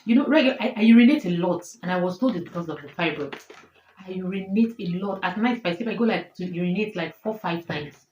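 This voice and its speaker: A woman's voice: on the low side, expressive, quick pace, darkish tone, lo-fi sound. A woman in her thirties with a Nigerian accent, talking emotionally and repeating herself as she tells viewers about her health in a personal vlog. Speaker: vlogger. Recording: echoey room, faint noise.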